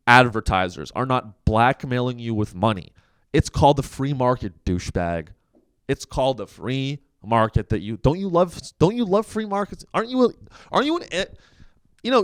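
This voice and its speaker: A man's voice: mid-range voice, no echo, studio quality. Sarcastic, rambling male podcast host. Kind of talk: comedic monologue. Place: coworking office.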